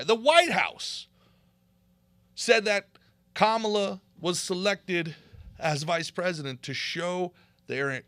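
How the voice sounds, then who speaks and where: A man hosting a podcast, talking casually in an animated, opinionated way. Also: high-pitched, no room sound. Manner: animated, opinionated ranting with laughs. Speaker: podcast host and comedian.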